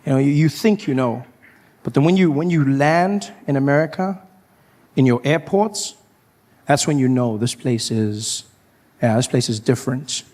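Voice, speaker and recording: A man performing stand-up comedy, telling stories in an animated way and acting out voices along the way. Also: medium pitch, normal speed. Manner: animated storytelling, lots of acted-out voices.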